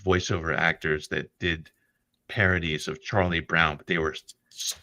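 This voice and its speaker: A man hosting a casual livestream chat, animated and profane, laughing often as he tells stories. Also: low-pitched, moderate pace, no room sound. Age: older than internet youth. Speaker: podcast host.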